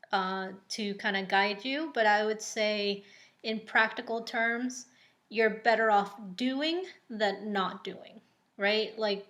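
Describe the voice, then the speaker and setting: Slow, chatty woman reading oracle cards. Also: fairly high pitch. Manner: relaxed and chatty, many ums and likes; slow and unhurried. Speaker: oracle card reader. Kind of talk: casual spoken card reading.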